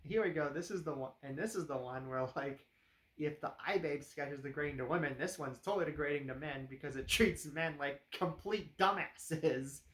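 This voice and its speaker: A man's voice: on the high side, moderate pace, fairly bright tone. A man casually reviewing a movie, rambling with lots of fillers and dry sarcasm. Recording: roomy echo.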